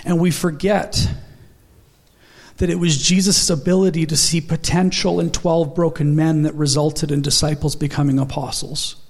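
A man's voice: a little high, flat delivery, normal speed. Earnest man preaching a sermon. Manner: storytelling, earnest, quotes dialogue in his stories.

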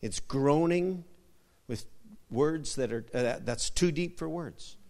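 A man with a high voice preaches in a church, telling jokes as he goes. He stumbles and repeats words, then bursts out loud now and again. His voice rings out in a long, echoing hall. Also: takes it slowly. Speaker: pastor. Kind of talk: sermon with jokes. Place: church sanctuary.

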